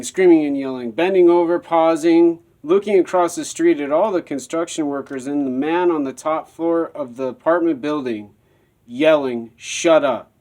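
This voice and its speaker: Male, slightly high voice, rambling and repetitive solo storyteller. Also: dark tone. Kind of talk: personal monologue.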